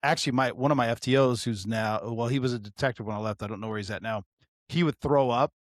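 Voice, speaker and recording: Guy ex-deputy cracking up telling stories, average pitch, dry close sound. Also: quick pace, no room sound. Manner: animated, laughs often while telling stories. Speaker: former deputy, podcast co-host. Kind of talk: casual storytelling chat.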